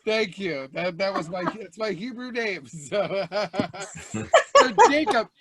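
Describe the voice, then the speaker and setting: A man hosting a comedy talk show, a loud and showy emcee who rambles through jokes. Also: high voice, expressive, slow, very noisy.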